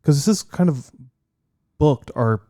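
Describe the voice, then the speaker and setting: A man's voice: on the high side, animated, a little slow, dark tone. A man co-hosting a podcast in casual chat, enthusiastic and swearing freely. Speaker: podcast co-host.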